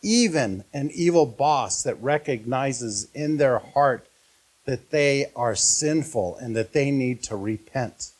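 A man's voice: mid-range voice, lively intonation, slow. A man preaching a sermon as pastor, earnest and often putting questions to his listeners.

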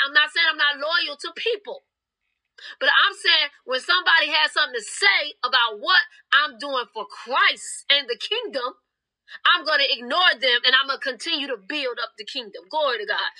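A woman's voice: high-pitched, bright, forceful tone, rough recording. A young woman preaching a fervent sermon, retelling scripture in her own words.

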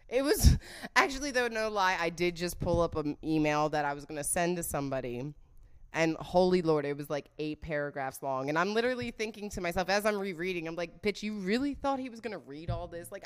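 A woman's voice: lowish voice, fairly bright tone, smooth. A young woman chatting casually to her viewers, blunt and crude, swearing a lot and joking about herself. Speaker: solo vlogger. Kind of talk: casual monologue.

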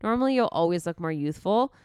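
Smooth-voiced woman chatting casually. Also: on the low side, animated, quick pace, darkish tone, dry recording, studio quality. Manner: chatty, reads traits aloud with frequent "like". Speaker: podcast co-host. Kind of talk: casual chat reading horoscope traits.

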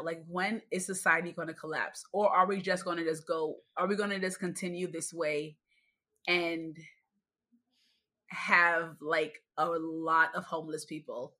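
Husky, bright-toned woman podcast co-host. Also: lowish voice, unhurried. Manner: exasperated, rambling anecdotes. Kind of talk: casual chat.

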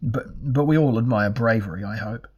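A smooth-tongued, placating merchant, read by a man in a husky, low voice. He speaks soothingly in this storybook reading. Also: normal speed, a little mellow.

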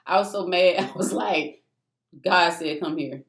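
Her voice sits low and moves at a normal speed as she tells a personal testimony of faith. The recording is echoey; she's animated and emphatic, chatting casually and calling her listeners "y'all" again and again.

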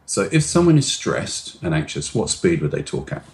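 Deep low voiced middle-aged guy on a video call, guest expert explaining stuff, slows his talk down on purpose. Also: very animated, vocal fry, a little hiss or hum. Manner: demonstrative, acts out anxious voices and slows down on purpose.

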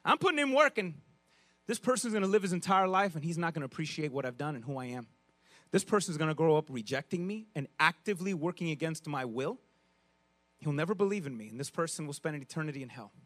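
A man's voice: on the high side, lively intonation, quick pace, a bit bright, no echo, voice pushed down. A man voicing God in a sermon, musing in a casual, everyday way. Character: God speaking lovingly of a child.

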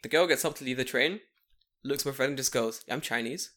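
A man telling stories on a casual podcast chat, animated, swearing often and laughing as he acts out the people he quotes. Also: mid-range voice, fast, very noisy. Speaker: podcast co-host.

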